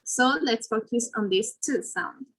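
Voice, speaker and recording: Woman teaching, slow unhurried delivery, fairly high voice, pauses with fillers. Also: a bit bright, poor audio. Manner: slow, explaining with fillers and self-corrections. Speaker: student presenter. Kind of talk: slide presentation lesson.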